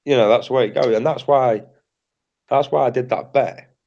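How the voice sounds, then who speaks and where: A man's voice: mid-range voice, normal speed, gravelly, muffled recording. A British man hosting a livestream in casual chat, blunt and repetitive, swearing freely. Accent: British English. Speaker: livestream host.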